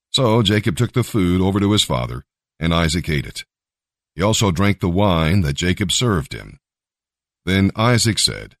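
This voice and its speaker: Deep-voiced man reading scripture. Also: sing-song, moderate pace, no echo, clean studio sound. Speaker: Bible reader and devotional speaker. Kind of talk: scripture reading and devotional talk.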